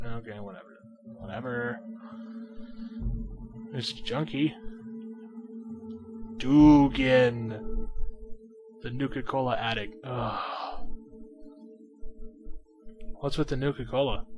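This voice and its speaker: A man's voice: mid-range voice, steady tone, measured pace, pauses often, faint music behind. A man casually commenting on a game and reading its dialogue aloud, with dry, sarcastic asides. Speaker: let's play commentator.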